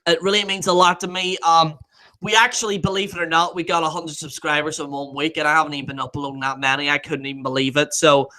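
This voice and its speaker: Excitable young-sounding male streamer. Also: fairly high pitch, fast talker. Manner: excitable, laughs often, swears freely; mispronounces names, trails off mid-sentence. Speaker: live-stream host. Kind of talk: casual live-stream chat, reading viewer comments.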